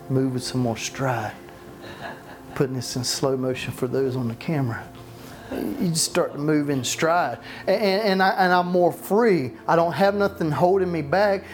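A male pastor preaching a sermon in a church, passionate, asking rhetorical questions and often restarting his sentences. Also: fairly high pitch.

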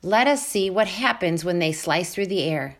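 Calm, exact robot mum, lowish voice, read by a woman. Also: normal speed. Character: calm, careful female robot mother.

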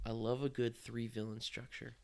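A man's voice: medium pitch, flat delivery, moderate pace, mellow, smooth. A man co-hosting a casual movie chat, wisecracking and teasing his co-host. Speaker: podcast co-host.

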